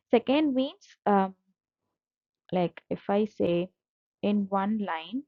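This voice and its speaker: A woman's voice: medium pitch, creaky, dry recording. A woman teacher, explaining slides patiently and repeating points, with fillers. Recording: dull lo-fi dry audio.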